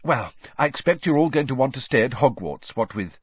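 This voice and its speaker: A fond, motherly middle-aged woman speaks in a raised, knowing voice, as a male narrator puts her on. The storybook reading sounds husky and a little muffled, with a dry, close sound. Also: mid-range voice, animated, fairly quick, dry recording, voice pushed up.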